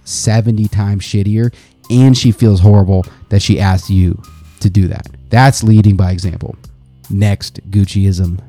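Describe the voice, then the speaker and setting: A young adult man hosting a podcast, reading quotes aloud and riffing on them in a profane, animated way. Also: fairly low pitch. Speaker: podcast host. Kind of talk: casual podcast commentary.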